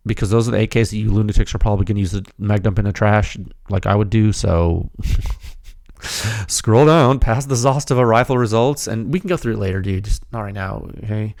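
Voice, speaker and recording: A man hosting a technical podcast, talking in an emphatic, animated way and often calling listeners dude. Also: lowish voice, a little fast, vocal fry, no echo, clean studio sound. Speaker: podcast host. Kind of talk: excited technical podcast talk.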